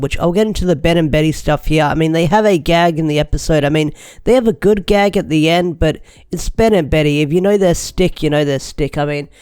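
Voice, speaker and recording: Young male reviewer, slightly high voice, clean close sound; chatty, excitable, loose and rambling. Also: a little fast, smooth, no room sound. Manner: chatty, enthusiastic, rambling with restarts. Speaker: show reviewer. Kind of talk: casual video review.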